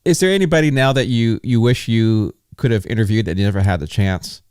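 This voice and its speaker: A man hosting a podcast interview, asking questions in a relaxed, chatty way. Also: on the low side, brisk, clean tone, no room sound, clean studio sound. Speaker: podcast host. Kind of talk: casual interview chat.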